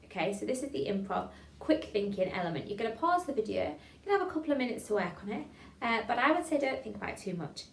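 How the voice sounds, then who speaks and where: A woman's voice: fairly high pitch, very animated, quick pace, vocal fry, slight background noise. Encouraging woman teaching in an echoey room. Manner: encouraging, chatty, self-deprecating. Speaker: drama teacher. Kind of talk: online improvisation lesson. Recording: echoey room, mic at a distance.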